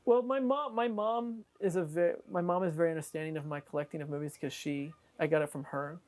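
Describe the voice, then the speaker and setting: A woman's voice: low voice, fairly quick. A woman telling a long, rambling anecdote in an interview, full of "like" and acted-out quotes. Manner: rambling, lots of "like", animated quoting. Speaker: interviewee, tape collector. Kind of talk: excited anecdotal storytelling.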